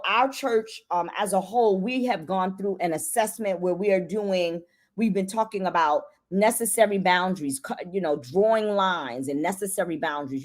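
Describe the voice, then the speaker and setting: A woman giving a casual motivational talk on self-care to caretakers. She is chatty and emphatic, asks rhetorical questions and repeats words for emphasis. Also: on the low side.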